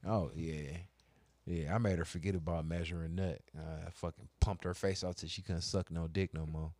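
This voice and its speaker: A man telling crude stories in casual chat, animated and profane, acting out both sides of conversations. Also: deep voice, normal speed, no echo. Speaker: podcast co-host telling stories.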